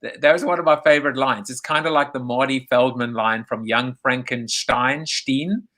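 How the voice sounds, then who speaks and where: A man hosts a casual live video chat with a bright, forceful voice. He rambles and jokes, reading viewer comments aloud as he goes. He comes through a video call. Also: mid-range voice, normal speed. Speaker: live show host.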